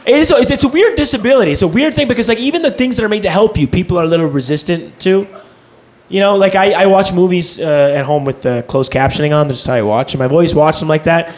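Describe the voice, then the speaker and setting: Captured live in a club with heavy crowd noise, a young man with a high voice talks fast through a meandering, foul-mouthed stand-up routine that pokes fun at himself before the audience.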